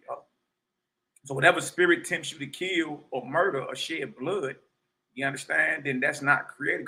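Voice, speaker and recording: A man's voice: fairly high pitch, creaky, bright, forceful tone, poor audio. A man giving emphatic, preachy commentary on a video clip and talking straight to his listeners. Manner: emphatic, addresses listeners directly. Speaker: commentator reacting to clips.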